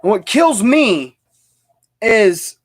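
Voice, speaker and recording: A man's voice: sits high, very animated, extremely slow. A young man hosting a livestream, ranting heatedly with lots of stumbling restarts. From United States. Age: young adult. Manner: fired-up, repetitive, stumbling restarts. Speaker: livestream host.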